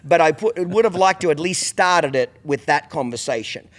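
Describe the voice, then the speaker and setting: Podcast host, middle-aged man, slightly high voice, blunt and profane, casual storyteller. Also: lively intonation, moderate pace.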